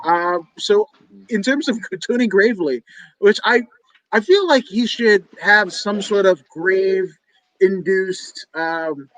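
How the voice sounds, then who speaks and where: A man's voice: high voice, takes it slowly, a bit bright, rough recording. A man co-hosting a casual fight-picks podcast, joking and swearing freely as he goes through the card. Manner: joking, profane, wrestling references. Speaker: podcast co-host. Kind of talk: casual fight-prediction chat.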